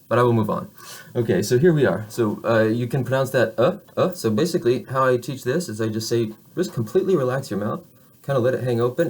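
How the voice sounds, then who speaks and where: A man teaching beginner French pronunciation, explaining casually, correcting himself and modeling sounds slowly. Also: fairly low pitch, breathy edge.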